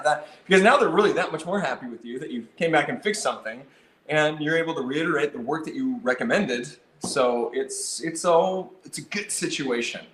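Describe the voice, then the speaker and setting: A man's voice: a little high, a little fast, a bit bright, reverberant, a little hiss or hum. A man teaching piano technicians about customer service, talking with energy and acting out phone calls and visits. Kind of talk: instructional talk.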